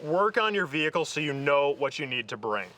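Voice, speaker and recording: A man's voice: a little high, big pitch swings, fairly quick, noisy background. A man hosting an off-road show, walking through his tool kit in a casual, upbeat way, laughing often and using lots of fillers. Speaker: host of an off-road vehicle show.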